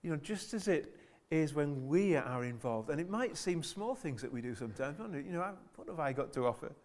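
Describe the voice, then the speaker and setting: A man's voice: a little high, expressive, a little fast, a little mellow. A man preaching a sermon to his church in an earnest way, often repeating phrases and asking the congregation rhetorical questions.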